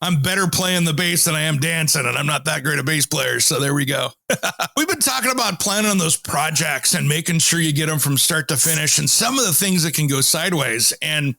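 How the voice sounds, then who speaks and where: A man's voice: on the high side, brisk, creaky, no echo. A man hosting a home improvement show, telling stories in a casual chat and acting out the people he quotes. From Pacific Northwest, US. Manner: animated storyteller, acts out quotes.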